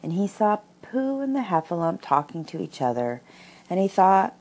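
Low-voiced woman reading a storybook. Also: big pitch swings, moderate pace, a little mellow. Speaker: reader.

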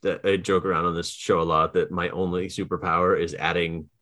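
Male podcast co-host, very low voice, rambling wry chat. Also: little pitch movement, fairly quick, fairly bright tone. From Boston area. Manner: rambling, self-correcting, wry. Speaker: podcast co-host and game master. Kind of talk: casual chat.

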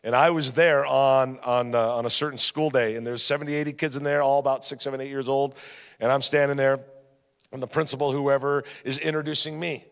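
A guest pastor preaches briskly in a church sanctuary, where the hall lends a long reverb. He relies on storytelling and refrains, swinging energetically from loud, punchy lines to quiet, low ones.

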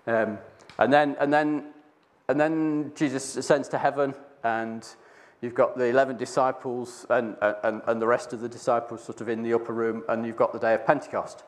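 A man's voice: medium pitch, fairly even intonation, normal speed. A man telling a Bible story in casual talk, rambling with many restarts. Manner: rambling with many restarts, acting out voices in quotes. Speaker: speaker sharing a Bible reflection.

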